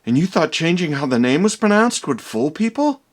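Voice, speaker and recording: A man in falsetto as a sweet shallow fiancée. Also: very animated, moderate pace. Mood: teasing. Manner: sing-song, falsetto put-on. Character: young woman fiancée, sweet but shallow.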